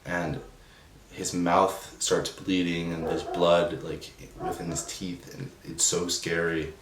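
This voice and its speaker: A young man with a low voice tells a personal story in a slow, subdued way, stopping and restarting often. He sits a little back from the mic in a roomy space, with a faint hiss behind him. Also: level tone. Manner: halting, full of restarts and "like" fillers; subdued and emotional. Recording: roomy echo, distant from the mic, faint noise.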